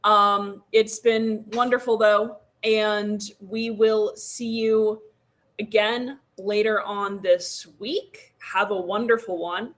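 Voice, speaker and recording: A woman's voice: medium pitch, fairly even intonation, slow pace. Rambling woman signing off a livestream. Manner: rambling, joking, filler-heavy. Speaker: podcast co-host. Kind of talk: casual livestream sign-off.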